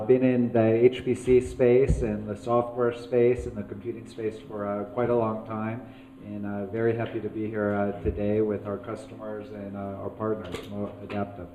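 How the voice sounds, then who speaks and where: Flat-toned man introducing himself on stage. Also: on the low side, roomy sound, slight background noise, low-quality recording. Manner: relaxed with many fillers. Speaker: guest, sales leader. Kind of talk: self-introduction on a panel. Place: conference stage.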